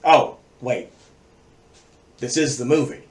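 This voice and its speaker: A man's voice: medium pitch, slow, roomy sound. A man hosting a comedic horror movie review, narrating with playful sarcasm and reeling off lists with relish. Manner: sarcastic, playful, lively list-reading.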